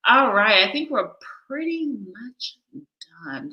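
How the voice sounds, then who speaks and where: A woman talks casually to her live-stream viewers, answering their chat messages. Her voice is bright and sharp. She is brash and playful, swears freely and laughs a lot. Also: a little high, sing-song, slow pace, low-quality recording. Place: living abroad, streaming live from home.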